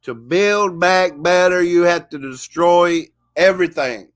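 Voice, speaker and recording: A man's voice: a little high, measured pace, fairly bright tone, no room sound, soft background music. A man hosting a casual livestream, talking to viewers in a drawl, laughing often. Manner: drawling, laughs often, keeps saying "y'all". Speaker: livestream host.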